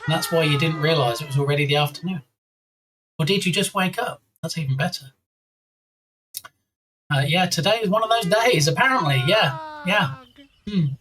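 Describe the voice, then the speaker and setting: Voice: mid-range voice, normal speed, pauses often, fairly bright tone. A live-stream host chatting casually and playfully, reading out viewer names and thanking them one by one. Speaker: livestream host.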